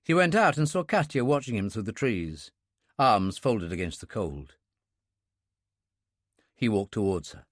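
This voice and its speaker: A man narrating a thriller audiobook in a steady, expressive reading. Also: on the low side, unhurried, long pauses, no room sound, clean studio sound. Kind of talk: scripted narration.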